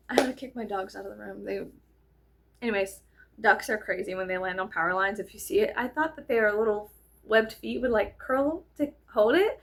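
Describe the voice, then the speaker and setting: A woman, vlogging a casual, profane storytime rant, animated and exaggerating as she talks. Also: mid-range voice, a little fast, creaky.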